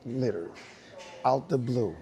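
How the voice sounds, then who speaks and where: A middle-aged man, a dancer telling a lively story and acting out the voices of the people in it. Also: medium pitch, normal speed. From Brooklyn, New York. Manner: acts out both sides of dialogue, laughing often. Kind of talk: animated storytelling.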